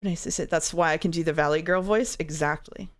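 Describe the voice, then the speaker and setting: Fast-talking and low-voiced, a woman runs a stream with a guest, trading jokes and giggles over music guessing games in a playful, casual chat.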